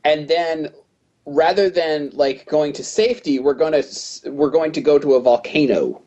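A man's voice: on the high side, normal speed, dark tone, highs cut off. A man co-hosting a casual movie podcast, recapping the plot and playfully acting out characters' lines in a raised voice. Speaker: podcast co-host.

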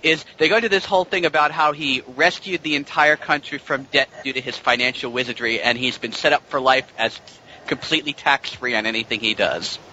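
A man's voice: medium pitch, fairly quick. A man co-hosting a podcast, casually discussing a movie at length with frequent restarts. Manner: talkative, explains at length with many restarts. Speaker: podcast co-host. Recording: lo-fi with faint noise.

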